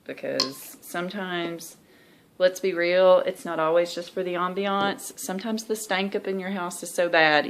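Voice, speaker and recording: A woman in her thirties with a Southern US accent, chatting candidly and rambling in a stitching vlog, sounding tired. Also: lowish voice. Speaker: cross-stitch vlogger. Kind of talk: casual chat.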